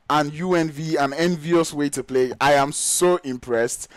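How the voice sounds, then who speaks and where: A man whose first language is Yoruba, casting live esports play-by-play in an excitable, gushing, exclamatory way. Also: fairly high pitch, measured pace, hardly any pauses, no echo, poor audio. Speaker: esports caster.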